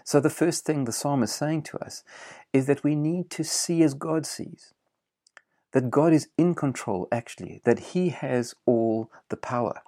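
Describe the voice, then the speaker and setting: A man preaching a sermon, earnest and emphatic, repeating phrases with pauses and fillers. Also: on the high side, mellow, dry recording.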